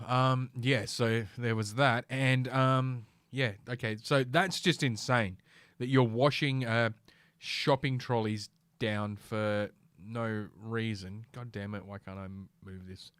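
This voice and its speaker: A man's voice: mid-range voice, steady tone, slow pace, fairly bright tone, smooth, dry recording. A middle-aged man hosting a casual solo podcast, ranting in a profane, sardonic, rambling way from a home room. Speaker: podcast host.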